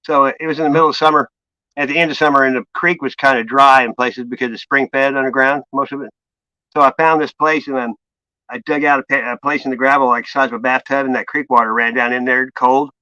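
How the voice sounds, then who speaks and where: A man's voice: mid-range voice, steady tone, fast talker, sharp tone, dry recording, muffled recording. A man hosting a live stream in casual chat, telling rambling stories with plenty of swearing. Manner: rambling, profane storytelling. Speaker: stream host.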